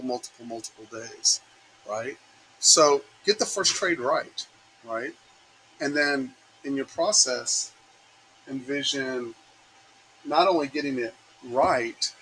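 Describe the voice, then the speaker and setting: A man's voice: medium pitch, sharp tone, slight background noise, poor audio. A man coaching his trading team in a casual market preview talk, repeating key points and checking in with "right?" after each one.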